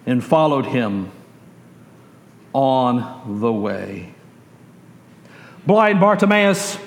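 A man preaching a sermon, slow and emphatic, leading the congregation in call and response. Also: sits high. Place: church sanctuary. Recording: echoey hall with long reverb.

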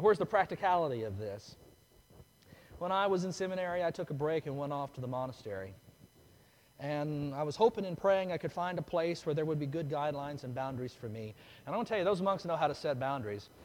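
Animated preacher in a reverberant hall. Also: male voice, a little high, fairly quick. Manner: storytelling with big swings from hushed to loud. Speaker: pastor. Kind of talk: sermon.

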